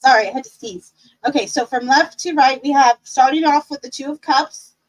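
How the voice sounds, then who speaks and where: A tarot teacher with a high-pitched voice runs a laid-back live-stream class, speaking fairly quickly in a low-quality recording. She's upbeat and supportive, her chatty talk peppered with fillers.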